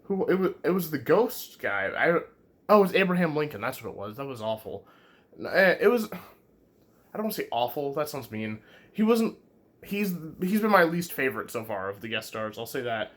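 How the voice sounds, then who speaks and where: A man's voice: fairly high pitch, very animated, moderate pace, fairly bright tone. A man talking casually into the camera as a YouTube reviewer, rambling with lots of fillers and restarts as he corrects himself. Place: his bedroom.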